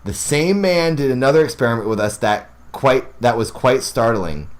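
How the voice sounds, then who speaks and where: Male horror-story reader at a mid-range pitch, excitable, drops out of the narration often to chat with his audience. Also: moderate pace. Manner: excitable, breaks off to react and ramble. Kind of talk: reading ghost stories aloud with live reactions.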